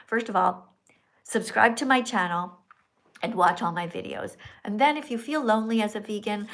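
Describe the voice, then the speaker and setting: Animated woman hosting a livestream. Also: fairly high pitch. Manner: animated, coaxing, talks straight to viewers. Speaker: livestream host. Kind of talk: live-stream chat reading donations.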